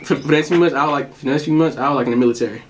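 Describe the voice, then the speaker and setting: A man telling stories in casual podcast chat, animated, who keeps saying "listen" to take the floor. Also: medium pitch, very fast, a crowd in the background.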